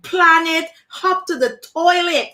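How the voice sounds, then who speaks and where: A woman hosts a casual live chat in a high, bright voice. She talks emphatically, repeating phrases for stress. Her tone is lively and animated. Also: takes it slowly. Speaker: host of a live stream.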